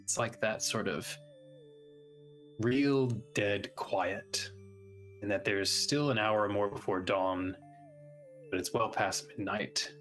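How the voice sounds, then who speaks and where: A man's voice: lowish voice, steady tone, fairly bright tone, faint music behind, poor audio. Man game master narrating a tabletop game. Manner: hesitant, rule-checking, then slow atmospheric narration.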